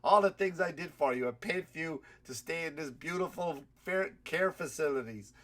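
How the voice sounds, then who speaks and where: A loud, overly earnest mobster gushing like a salesman, his voice pushed up high and bright, as a comedian puts him on. He sounds like a tough guy turned pitchman. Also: lively intonation, moderate pace. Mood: tearful pleading. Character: excitable middle-aged male mobster, overly earnest.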